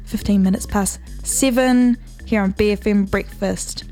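An upbeat woman with a New Zealand accent co-hosts a breakfast radio show in easy, casual chat. She slips te reo Māori greetings into her English, and her voice sits at an ordinary middle pitch. Faint music plays beneath her. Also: fairly even intonation, a little slow, mellow.

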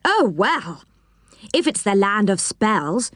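A woman's voice: medium pitch, very animated, takes it slowly, a bit bright, no echo, studio quality. A woman doing a kindly, fussing storybook fellow. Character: kindly, cheerful male tree-dweller.

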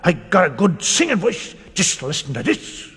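Brief: daft little storybook mouse, voiced by a male reader, slow, lively and high. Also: slightly rough, long reverb tail, heavily acted. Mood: playful. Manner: slow, playful, drawn out. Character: small silly male mouse, chatty and friendly. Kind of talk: storybook reading.

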